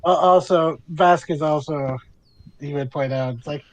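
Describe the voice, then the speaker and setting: A man's voice: a little high, a little slow, no echo, dull audio. A man playing a tabletop game, thinking aloud and planning with many fillers. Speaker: player.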